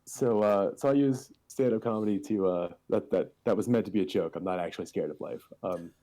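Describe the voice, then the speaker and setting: A man speaking as a guest on a casual podcast, in a flat monotone with halting starts and many fillers. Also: fairly low pitch, rough recording.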